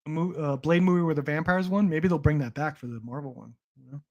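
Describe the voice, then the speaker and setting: A man's voice: a little high, quick pace, darkish tone, dull audio. Rambling young man chatting on a stream. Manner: rambling, restarts, swears, laughs often. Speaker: stream host. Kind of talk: casual livestream chat.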